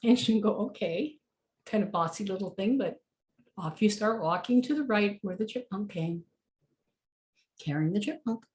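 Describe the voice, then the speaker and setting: A woman's voice: medium pitch, darkish tone. A woman leading a guided meditation in a casual, chatty way with many fillers.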